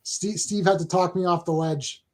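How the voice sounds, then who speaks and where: A man co-hosting a casual chat show, talking excitedly with many restarts and reading viewer comments aloud. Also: sits high, normal speed. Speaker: co-host.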